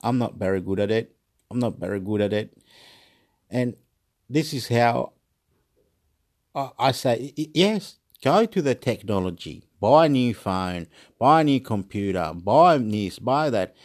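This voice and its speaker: A man's voice: mid-range voice, animated, measured pace. Rambling Australian man chatting. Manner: rambling, repetitive, swears freely. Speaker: vlogger. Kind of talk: casual solo chat.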